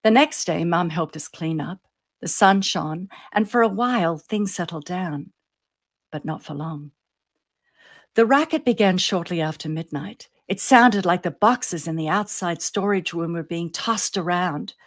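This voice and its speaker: A woman, an author reading her own fiction aloud, telling it with suspense and letting phrases fall softly at the end. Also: on the low side, measured pace. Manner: storytelling, drops softly on ends of phrases, lifts on suspense.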